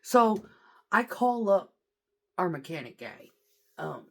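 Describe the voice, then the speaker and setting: A woman's voice: lowish voice, big pitch swings, slow, vocal fry. A woman truck driver telling a story in a casual vlog, swearing freely and talking animatedly.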